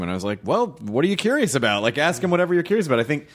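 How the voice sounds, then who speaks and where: A man's voice: fairly high pitch, sing-song, rapid-fire, few pauses. A man hosting a podcast in casual chat, wry and teasing. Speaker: podcast host.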